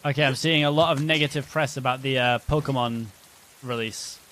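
A man's voice: medium pitch, steady tone, fairly quick, pushed and bright, a little hiss or hum. A man streaming a game, chatting casually and joking with his viewers. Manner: joking banter with chat. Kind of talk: casual live-stream chat.

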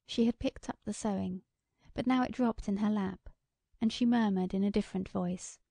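A woman reads a classic short story aloud with measured, even pacing. Her voice is mellow with a gravelly texture, recorded close and dry. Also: mid-range voice, dry recording. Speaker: audiobook narrator. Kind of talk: scripted narration.

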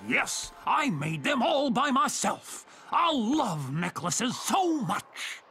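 An actor voicing a cheerful, excitable male monster who loves necklaces in a children's cartoon. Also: very high voice, slow, a little hiss or hum, heavily acted. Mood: delighted. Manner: excitable, laughs a lot, gravelly. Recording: cartoon soundtrack with music.

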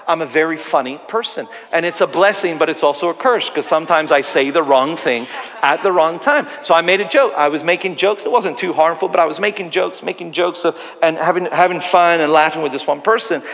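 A man's voice: a little high, brisk, fairly bright tone, in a large hall. A man preaching a sermon as a pastor, earnestly telling stories with self-deprecating humor. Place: church auditorium.

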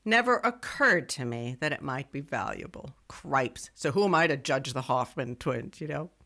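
A wry young radio writer. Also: female voice, a bass voice, expressive, moderate pace, a bit bright, heavily acted. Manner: wry, digressive storytelling. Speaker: first-person narrator. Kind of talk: scripted first-person narration.

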